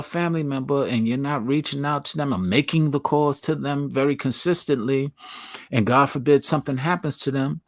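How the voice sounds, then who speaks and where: A man's voice: mid-range voice, dry recording. Earnest man with a dry voice. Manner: earnest, repeats points for emphasis; casual, slangy. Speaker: host. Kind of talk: motivational talk to viewers.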